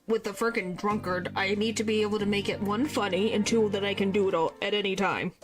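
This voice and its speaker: A woman's voice: mid-range voice, steady tone, brisk. A woman streamer chatting casually and rambling over her gameplay. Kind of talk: gameplay commentary. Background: game music.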